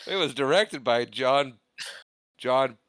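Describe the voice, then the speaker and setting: A man's voice: mid-range voice, expressive, slow pace, a bit bright, dry recording. A man co-hosting a casual movie podcast, laughing often and reading out the credits. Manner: laughing, self-deprecating, reads credits aloud. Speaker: podcast co-host. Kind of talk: casual chat.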